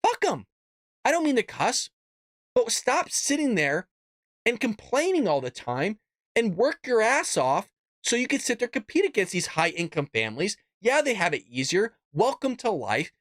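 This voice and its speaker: A man's voice: high voice, huge pitch swings, normal speed, a bit bright, no echo, clean studio sound. A man hosting a political commentary show, ranting bluntly and cussing. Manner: blunt, fired-up, cusses. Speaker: host.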